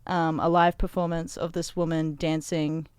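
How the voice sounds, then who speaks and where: A woman's voice: low-pitched, flat delivery, normal speed, a little mellow, clear, resonant tone, dry recording. A woman co-hosting a radio show in a studio, chatting and telling a story with frequent laughs. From Australia. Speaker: co-host. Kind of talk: casual chat. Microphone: studio mic.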